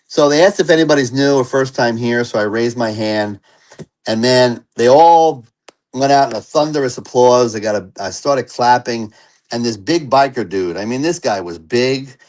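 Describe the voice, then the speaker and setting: A man speaks as a guest in an interview, telling his recovery story with earnest, animated energy. His pitch sits at an average level for a man. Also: moderate pace, rough recording.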